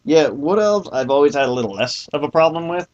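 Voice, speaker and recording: A man's voice: on the high side, expressive, fairly quick, muffled recording. A man hosting a podcast in casual chat, joking and self-mocking and laughing often. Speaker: podcast host.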